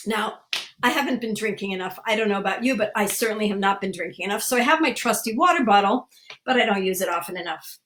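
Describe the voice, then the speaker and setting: A woman's voice: mid-range voice, fast talker, a bit bright, slight background noise. An older woman leading a guided online laughter exercise, cheerfully coaching listeners through each step. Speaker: laughter instructor.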